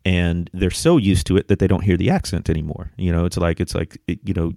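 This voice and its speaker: A man co-hosting a podcast, discussing theology in a measured, articulate and emphatic way. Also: deep voice, level tone, vocal fry, mellow, no room sound, studio quality. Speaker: podcast co-host.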